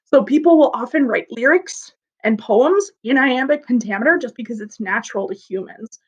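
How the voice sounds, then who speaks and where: A woman's voice: on the high side, animated, normal speed, breathy edge, muffled recording. A young woman teaching an English class online in a chatty, playful way, explaining things simply. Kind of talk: recorded online class lesson.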